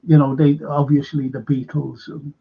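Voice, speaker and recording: Man, local historian, gravelly and husky, raised pitch, lo-fi stream audio. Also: moderate pace. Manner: animated storyteller acting out quoted voices. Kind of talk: casual chat on a live stream.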